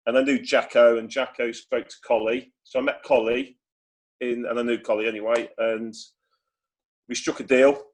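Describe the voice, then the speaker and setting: A man's voice: mid-range voice, steady tone, a little fast. Chatty man telling stories. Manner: chatty, rambling with many restarts and acted quotes. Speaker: former footballer guest. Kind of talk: casual storytelling. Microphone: video call.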